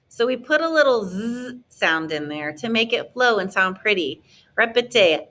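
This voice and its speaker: A woman's voice: mid-range voice, expressive, sharp tone. A woman teaching a French lesson, explaining grammar in a chatty, encouraging way and drawing out model words for students to repeat. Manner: slow, drawn-out model pronunciations for repetition. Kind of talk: classroom language lesson.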